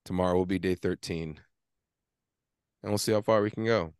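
Low-voiced man telling a story, cursing freely. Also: fairly quick, clean tone, no echo, clean studio sound. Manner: animated storytelling, swears often, acts out his inner argument. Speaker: podcast co-host. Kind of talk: casual chat.

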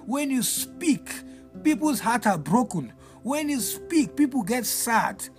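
Fervent preaching man over soft music. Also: extremely high pitch, big pitch swings, slow pace. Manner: fervent, repeats phrases, sing-song preaching cadence. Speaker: pastor. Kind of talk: deliverance sermon.

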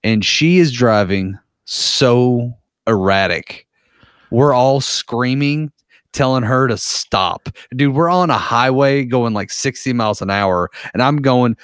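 A man's voice: medium pitch, slow, a bit bright, clear, resonant tone, no room sound, studio quality. A man casually telling a rambling, profane story, with lots of filler words.

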